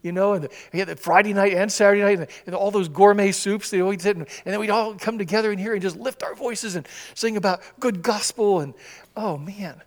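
A man preaching a sermon in a church, acting out scripture quotes with sudden swings from loud cries to hushed whispers. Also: sits high, fairly quick, in a large hall. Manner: animated, acts out quotes with swings from shouts to whispers. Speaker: pastor. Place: church sanctuary.

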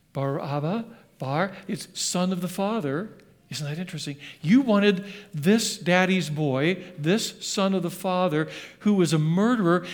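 A middle-aged man, a pastor, preaching a sermon in an animated way, acting out scripture voices. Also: sits high. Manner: animated, acts out scripture voices, sings along.

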